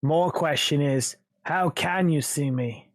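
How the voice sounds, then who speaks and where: A man's voice: a little high, slow, no echo. A man voicing a dogged investigator in a British gangster manner with a Cockney accent. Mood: probing. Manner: blunt, probing questions.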